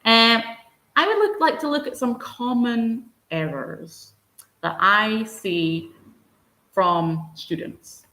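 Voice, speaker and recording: Slow, patient woman teaching English. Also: a little high, bright, forceful tone. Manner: patient, encouraging, answers viewers by name. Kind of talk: live online lesson. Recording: roomy echo.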